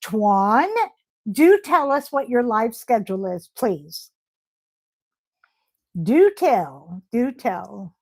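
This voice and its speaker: A woman's voice: a little high, big pitch swings, very slow, pauses often, a little mellow. A woman hosting a casual live stream, reading viewer comments aloud and answering them with gushing, emotional praise. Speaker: livestream host.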